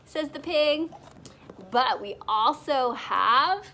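A woman's voice: sits high, animated. A young woman leading an online morning circle for young children, in a sing-song, encouraging voice. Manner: bright, sing-song, slow and encouraging, talking to small children. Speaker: preschool teacher.

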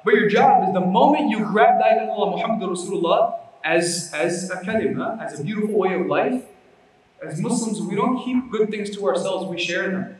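A man's voice: high-pitched, fairly quick. A male preacher giving a casual, conversational religious lecture, urging listeners emphatically and often adding "you know what I'm saying" asides. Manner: urgent, emphatic exhortation. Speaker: Islamic preacher. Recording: very echoey hall, voice from far off.

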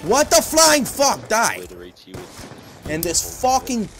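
A young man giving loud, profane, raging commentary while playing a shooter game. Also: extremely high pitch, very animated, takes it slowly. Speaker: gaming YouTuber. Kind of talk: live gameplay commentary.

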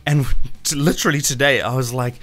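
A man hosting a music reaction video, gushing with breathless fan excitement. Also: mid-range voice, a little fast. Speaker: reaction channel host. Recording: faint music behind.

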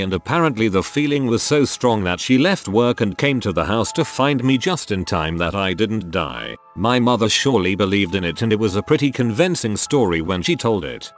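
Low-voiced man reading stories aloud. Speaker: narrator. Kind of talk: scripted narration of online stories.

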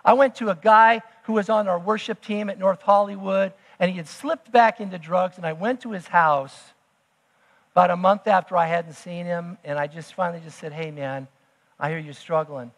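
A man preaching a sermon as pastor, emphatic, swinging between loud declarations and hushed asides. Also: sits high, fairly even intonation, normal speed. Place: church sanctuary. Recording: long church hall reverb.

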